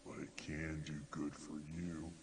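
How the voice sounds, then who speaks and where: A man voicing a menacing male entity living in a television in an analog horror series, deep and flat. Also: unhurried, gravelly, distant mic, background noise, exaggerated voice. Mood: coaxing.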